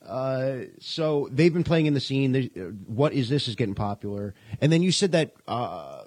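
Man, podcast co-host, casual chat, rambling, laughs a lot, swears, husky voice, dry close sound. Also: mid-range voice, very animated, normal speed, a little mellow, no echo. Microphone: podcast mic.

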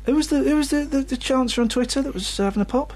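A man's voice: very high voice, darkish tone. A man hosting a radio phone-in, bantering playfully and teasing his callers. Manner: playful, teasing, quick asides. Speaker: radio host.

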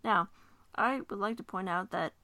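A woman's voice: mid-range voice, moderate pace, crowd noise. A woman co-hosting a casual book podcast, chatting and reading passages aloud with wry asides. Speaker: podcast co-host.

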